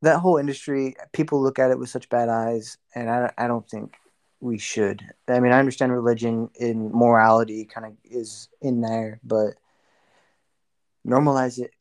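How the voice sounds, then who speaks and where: A man's voice: medium pitch, steady tone, moderate pace. A young man co-hosting a podcast, talking frankly in casual chat, rambling and laughing easily. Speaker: podcast co-host.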